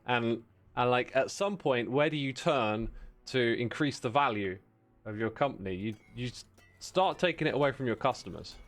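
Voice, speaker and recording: A man's voice: medium pitch, normal speed, soft background music. A man chatting casually with viewers while playing on a livestream, rambling and self-deprecating, laughing often.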